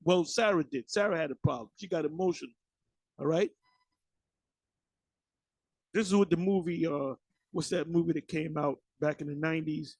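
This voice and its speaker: Gravelly high-voiced blunt preacher man. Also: moderate pace, pauses often, dry recording, poor audio. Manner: blunt and profane, many restarts and repeated words. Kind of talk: informal preaching to camera.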